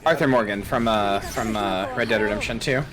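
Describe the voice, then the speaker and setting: A man's voice: fairly low pitch, fairly quick. A man streaming a game, chatting in a joking, laid-back way with frequent swearing. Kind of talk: casual gaming chat.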